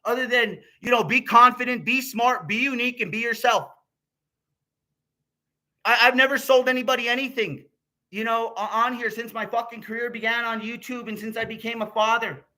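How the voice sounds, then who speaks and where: An American man vents on his vlog in a heated, rambling rant, swearing at every turn. His voice sits high for a man, with a bright, forceful edge. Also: steady tone, moderate pace. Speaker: YouTuber.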